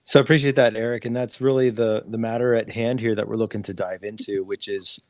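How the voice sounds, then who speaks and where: A man hosting a podcast, talking through ideas in a measured way as he sets up a question. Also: lowish voice, steady tone, dry recording. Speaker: podcast host. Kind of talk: podcast interviewing.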